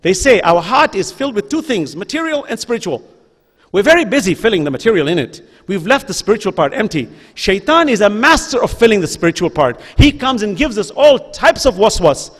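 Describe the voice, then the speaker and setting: A man with a fairly high voice delivers an impassioned sermon, pressing his listeners with repeated rhetorical questions. His voice rings through a large hall with a long reverb. The delivery is earnest and urgent. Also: big pitch swings, brisk. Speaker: lecturer at a religious gathering. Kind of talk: impassioned religious lecture. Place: school hall before an audience.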